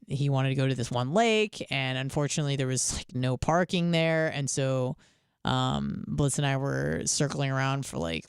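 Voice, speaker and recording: Female radio host, smooth clear voice, dry close sound, candid rambling chatter with fillers and swearing. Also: a bass voice, no echo. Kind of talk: casual storytelling monologue.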